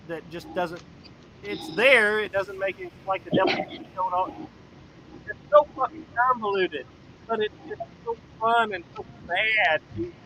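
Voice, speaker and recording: Man, casual podcast co-host, high bright voice, profane rambling, faint room hum behind. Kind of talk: casual chat.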